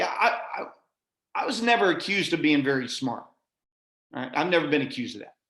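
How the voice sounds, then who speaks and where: Recorded in an echoey room, this folksy motivational sales-training talk comes from a middle-aged man whose voice is on the high side and fairly bright. He keeps checking in with the audience, tossing out "right?" again and again.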